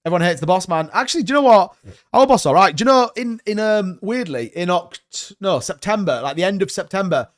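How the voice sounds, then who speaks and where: A man's voice: sits high, lively intonation, a little fast. A young man hosting a crypto live stream, talking casually and rambling with jokey asides to his chat. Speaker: crypto livestream host.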